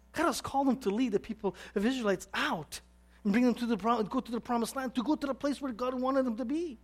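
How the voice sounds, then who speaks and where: Male pastor, high voice, sermon delivery, plays out his listeners' complaints. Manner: animated preaching with acted questions and rising emphasis.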